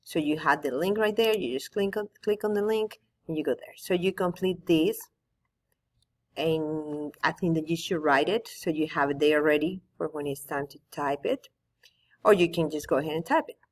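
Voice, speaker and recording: A woman Spanish teacher records her screen as she patiently walks students through an online tool, explaining each step at her computer. Her voice sits low and she speaks at a moderate pace.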